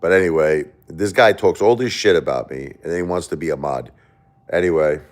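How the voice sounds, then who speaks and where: A man's voice: sits low, fairly quick. A man hosting a livestream who talks to his chat in a defensive, argumentative way and often repeats himself. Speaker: livestream host.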